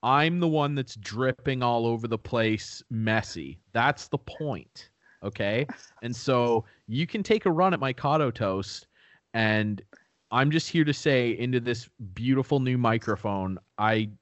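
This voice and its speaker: A young man chatting on his podcast, rambling and animated as he tells a story. His voice sits at an ordinary middle pitch and sounds very dry and close on a new microphone, with no room around it. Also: a little slow, no echo, dull audio. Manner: rambling, animated storyteller who acts out quotes in high voices. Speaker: podcast co-host. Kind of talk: casual chat.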